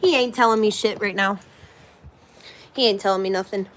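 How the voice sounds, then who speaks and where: A woman's voice: mid-range voice, moderate pace. A young woman chatting casually on a livestream from a hotel room, thanking viewers and scolding her puppy.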